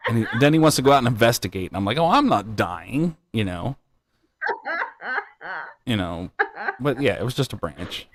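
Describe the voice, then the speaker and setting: Low-voiced man telling rambling stories. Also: lively intonation, brisk, long pauses, no echo. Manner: rambling, laughing storyteller. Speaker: livestream host. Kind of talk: casual live chat.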